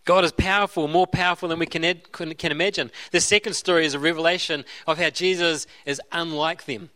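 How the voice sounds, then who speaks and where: A man's voice: fairly high pitch, steady tone, brisk, bright, forceful tone. A man preaching a sermon in an earnest way, often repeating and restarting his phrases. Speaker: pastor.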